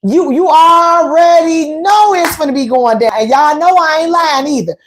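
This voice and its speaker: A woman hosting a radio talk show with a high-pitched voice. She speaks frankly and colloquially, addressing her listeners directly. Her delivery is sassy and animated, with preachy, dramatic emphasis. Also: normal speed, a little hiss or hum. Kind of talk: frank relationship talk to a live audience.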